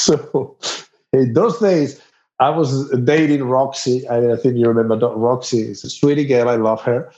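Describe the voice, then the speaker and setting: A man from Spain with a thick Spanish accent, a musician chatting casually, halting and repeating words, laughing often. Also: mid-range voice, a little mellow. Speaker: musician guest. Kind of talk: casual podcast chat. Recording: roomy, dull lo-fi recording.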